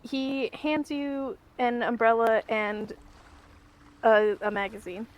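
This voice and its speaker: A woman's voice: on the high side, level tone, slow pace. Rambling woman game master. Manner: rambling, many ums and restarts. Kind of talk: narrating a tabletop game.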